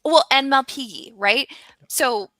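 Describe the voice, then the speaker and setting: A woman's voice: sits high, slow, no echo. An American woman, a scientist, chatting casually with many ums and restarts. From United States. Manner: animated, frequent ums and restarts. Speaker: scientist and regular guest. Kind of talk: casual chat.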